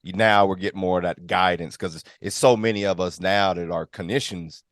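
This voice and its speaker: A middle-aged man hosting a podcast, speaking relaxed and reflective about his officiating career, with quick reactions. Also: low voice, no room sound, clean studio sound. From California. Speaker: podcast host. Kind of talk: casual interview chat.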